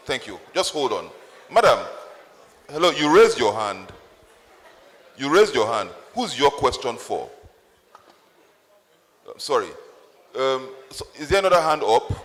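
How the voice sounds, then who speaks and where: A man's voice: mid-range voice, big pitch swings, a little slow, long pauses, fairly bright tone. A man moderating a town hall, firm and apologetic as he enforces the rules. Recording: reverberant hall.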